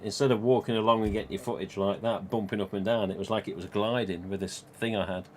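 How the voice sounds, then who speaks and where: Man, middle-aged, lowish voice, casual rambling anecdotes, swears a lot, live stream host. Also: steady tone, fast talker, darkish tone, slight background noise. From Nottingham, England. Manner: rambling, swears freely, laughs at own jokes. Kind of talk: casual storytelling chat.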